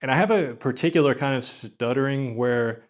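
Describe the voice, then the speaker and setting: Speaking in a mid-range voice, a young man hosting his channel talks slowly with little inflection. His self-deprecating vlog monologue is dotted with fillers and quick stutters.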